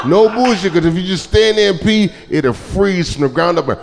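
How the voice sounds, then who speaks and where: A male stand-up comedian telling a profane story on stage, shouting his punchlines. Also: high-pitched, expressive, fairly quick, creaky, few pauses, big-room sound. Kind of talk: live stand-up set. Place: comedy club stage with audience laughter. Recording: live club recording with audience noise.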